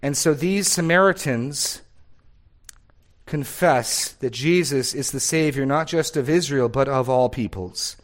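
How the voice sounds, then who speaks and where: A man's voice: mid-range voice, measured pace. A man preaching a sermon, earnest and emphatic, reading scripture aloud with rising force. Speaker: pastor.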